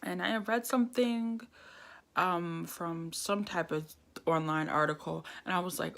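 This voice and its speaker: A young woman vlogger telling a lively personal story, laughing often and acting out what people said. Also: low-pitched, normal speed. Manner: animated storytelling, laughs often, acts out quoted dialogue. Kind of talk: casual storytime vlog.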